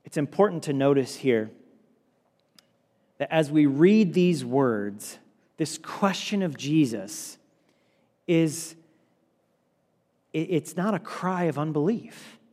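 High-voiced pastor preaching in a reverberant hall. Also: male voice, expressive, takes it slowly, pauses often. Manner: earnest preaching, repeats words, drops low and quiet for emphasis. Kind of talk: sermon.

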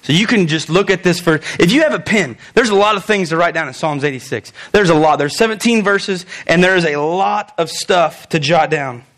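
A young man preaching with a high-pitched voice. He swings between loud, quick bursts and slow, drawn-out stretches, throws in jokes, and speaks straight to the congregation. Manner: animated, joking asides, talks straight to the congregation. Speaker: pastor. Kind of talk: sermon.

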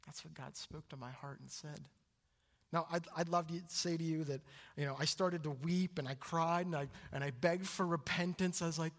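A young adult man preaching a sermon, jumping to loud high exclamations and dropping to hushed low asides. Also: moderate pace, creaky, slightly rough. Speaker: pastor.

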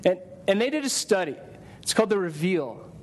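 A man preaching a conversational sermon to his church, with restarts and quick acted-out quotes. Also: high-pitched, sing-song. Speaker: pastor. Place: church sanctuary.

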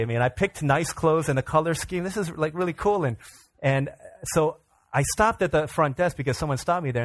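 A man preaching as a pastor, telling a lively personal story during a sermon and acting out the lines of the people in it. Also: on the high side, dry recording. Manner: animated storyteller, acts out other people's lines. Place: church sanctuary.

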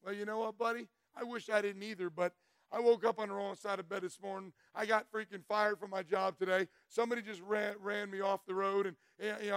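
A middle-aged man giving a folksy, animated testimony sermon, telling stories and breaking into shouts. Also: sits high, vocal fry, clean tone, no echo. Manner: folksy, storytelling, bursts into shouts.

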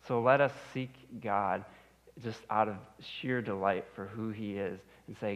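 A man's voice: on the low side, fairly even intonation, measured pace, poor audio. A man in his thirties preaching a sermon, earnest and repeating his key phrases for emphasis. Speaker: pastor.

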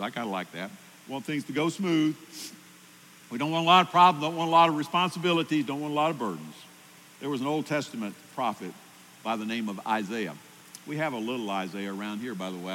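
A man preaches in an emphatic sermon voice, climbing in pitch and loudness to stress his points. His voice carries a long hall reverb, with a faint background ambience underneath. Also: slight background noise. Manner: emphatic, rises loudly at key points. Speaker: pastor.

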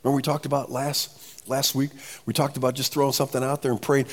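A man's voice: mid-range voice, fairly quick, slightly rough. A middle-aged man preaching a sermon as pastor, acting out pleading prayers with a raised voice.

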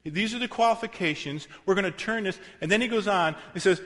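A man's voice: high voice, a little fast, few pauses, a bit bright. A pastor preaching a sermon, driving his points home with emphasis and asking the congregation questions. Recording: long reverb of a large hall.

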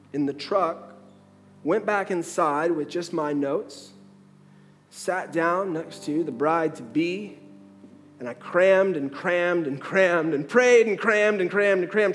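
Male pastor, storytelling sermon, fairly high voice, long hall reverb, faint music behind. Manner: animated storyteller, acts out the dialogue.

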